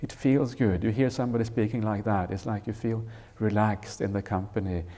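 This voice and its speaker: A male Buddhist monk teaches at a retreat, explaining a scripture in a gentle, unhurried way. His voice sits low and sounds warm and relaxed. He fills pauses with "uh" and often checks in with a "right?". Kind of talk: Dharma talk explaining a scripture. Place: retreat hall.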